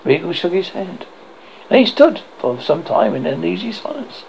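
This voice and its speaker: A man reading a horror story aloud as host, with a dramatic, expressive delivery. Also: sits high, moderate pace, gravelly, slight background noise. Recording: dull lo-fi recording.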